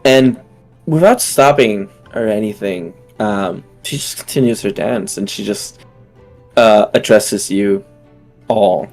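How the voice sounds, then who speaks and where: A man's voice: on the low side, slow pace, a little mellow, soft background music. Young man narrating a tabletop game. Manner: hesitant, many fillers and restarts. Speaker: game master.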